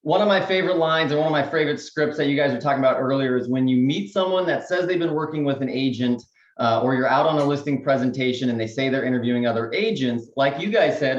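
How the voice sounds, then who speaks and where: A man, a real estate agent on a panel, giving casual sales tips and acting out phone calls in quick voices. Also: mid-range voice, roomy sound, dull audio.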